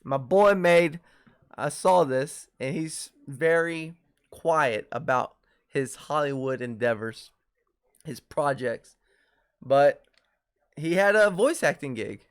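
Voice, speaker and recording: Guy ranting solo on his podcast, kinda high voice, cussing a lot. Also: slow, smooth. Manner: profane, animated ranting with laughs. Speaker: podcast host. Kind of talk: casual solo podcast rant.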